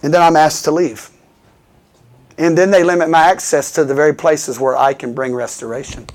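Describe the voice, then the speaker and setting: A man's voice: a little high, steady tone, moderate pace, a little mellow, natural voice. A male preacher voicing a homeowner who is shut out of his own house and explains it with earnest frustration. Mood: aggrieved. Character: homeowner pleading at his own door, a man.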